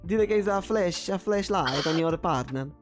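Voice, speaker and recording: A young woman hosting a casual stream, chatting playfully and giggling often, with soft music behind. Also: lowish voice, lively intonation, moderate pace. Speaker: streamer host. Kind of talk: casual game-show chat.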